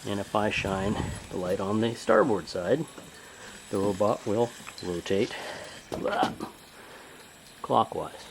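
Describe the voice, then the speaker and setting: A man with a New Zealand accent casually explaining a small robot demo, relaxed and explanatory, on an outdoor deck. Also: lowish voice, slow pace, vocal fry, long pauses, noisy background. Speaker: hobby robotics demonstrator.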